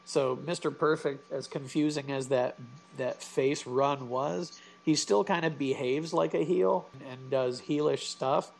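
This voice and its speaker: A man's voice: on the high side, steady tone, gravelly, a little hiss or hum. A man co-hosting a casual chat, joking around and asking questions. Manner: joking, asks questions, quick asides. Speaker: podcast co-host.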